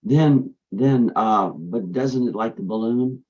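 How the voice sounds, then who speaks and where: A man's voice: on the low side, slow pace, a little mellow, muffled recording. A man on a discussion panel, asking brief questions and murmuring agreement.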